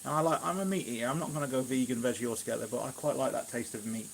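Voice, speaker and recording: A man's voice: mid-range voice, racing, gravelly, slight background noise. Rambling chatty Shropshire man. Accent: Shropshire English. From England, Shropshire. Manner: rambling, chatty, many fillers and asides. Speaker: gardening vlogger, live streamer. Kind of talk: casual live-stream chat. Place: at home in his kitchen.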